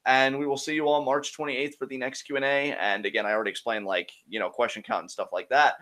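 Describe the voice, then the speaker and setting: A man's voice: medium pitch, steady tone, fast talker, pushed and bright. A man co-hosting a live-streamed Q&A show, chatting casually and launching into heated, profane rants. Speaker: co-host of a Q&A show.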